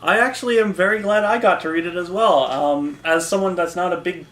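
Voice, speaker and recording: A podcast co-host with a high, slightly bright voice talks briskly in a casual comic review chat. He's easygoing and chuckles often, and the recording has a roomy echo.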